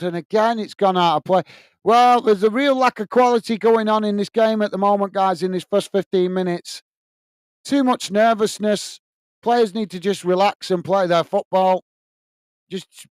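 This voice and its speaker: Calling a football match for a live fan stream, a man from England cheers on his team and chats, reading viewer comments aloud between bursts of play. His voice is high, smooth and clear, and the recording is close and dry with no surrounding room.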